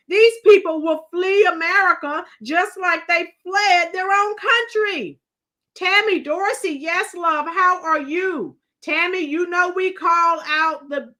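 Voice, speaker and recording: A middle-aged woman hosting a casual livestream, chatting with commenters and breaking into song, her voice a bit strained from shouting. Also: sits high. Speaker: livestream host.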